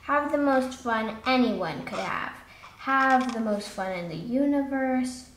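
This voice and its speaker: Woman, drawing teacher, chatty and rambling, high voice, unhurried, echoey room. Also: lively intonation, slight background noise. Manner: chatty, rambling, playful asides. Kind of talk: casual follow-along drawing lesson.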